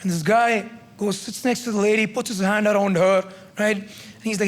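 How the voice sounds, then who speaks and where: High-pitched man, stand-up storyteller; lively delivery, light tag questions. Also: moderate pace. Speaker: stand-up comedian. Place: comedy club stage with live audience.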